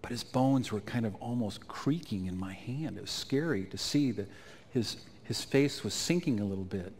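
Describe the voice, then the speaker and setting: A man telling an emotional personal testimony in a sermon at a conference, his voice climbing high and loud at the peaks. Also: slight background noise. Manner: emotional storytelling, rising to near-shouts at climaxes. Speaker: conference speaker. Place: conference stage.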